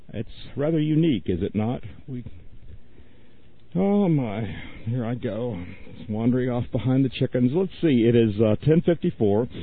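A man hosting a radio call-in talk show, rambling and gushing over his guests. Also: mid-range voice. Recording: dry, phone-like radio sound.

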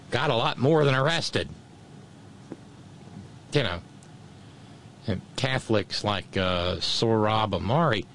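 Guy doing a snarky commentary rant, mid pitch, mocking tone, bit of faint noise. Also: a bit bright. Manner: mocking, scornful asides, reading out quotes. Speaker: political commentator. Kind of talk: sardonic commentary monologue.

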